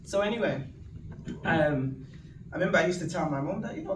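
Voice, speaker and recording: A woman, giving an animated, humorous storytelling speech to an audience. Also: deep voice, fast. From northern England. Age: 60s. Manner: animated, humorous, acts out quoted voices. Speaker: guest speaker. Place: event venue room. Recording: echoey room, distant mic, audience noise.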